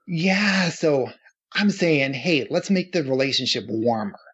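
A man's voice: a little high, expressive, a little slow, a bit bright, husky, muffled recording. A man speaking as a podcast guest, explaining his ideas earnestly with analogies. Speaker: podcast guest, relationship author. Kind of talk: podcast interview.

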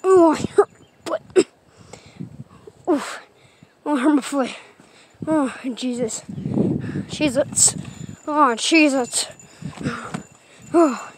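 A woman's voice: high-pitched, extremely slow, pauses often, slight background noise. A woman voicing a sad armless puppet boy who whines and sings about his troubles in a puppet play. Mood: hurt. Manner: whiny, mopey, sing-song.

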